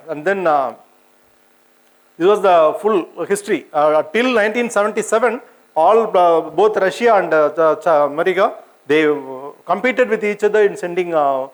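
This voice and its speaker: A man with an Indian English accent gives an informal science lecture in a fairly high voice. He talks with plenty of fillers and restarts and keeps turning to his listeners with questions. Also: low-quality recording. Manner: hesitant, many fillers and restarts; asks the audience questions, conversational. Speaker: senior scientist giving a public talk.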